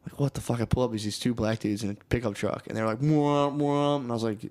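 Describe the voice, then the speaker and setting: Profane, animated male podcast co-host. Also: lowish voice, racing. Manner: profane, animated storytelling with acted-out quotes. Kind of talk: casual chat.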